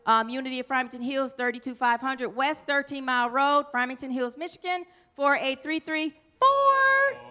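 A woman's voice: sits high, pushed and bright. A woman minister speaking to her congregation in a church sanctuary, effusive and chatty, thanking people and leading a group prayer.

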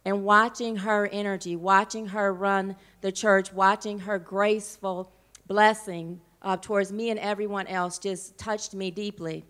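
Emotional, smooth-voiced woman minister introducing a guest. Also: medium pitch, level tone, measured pace. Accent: American. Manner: warm, emotional and informal, with playful asides. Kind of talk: church introduction. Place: church.

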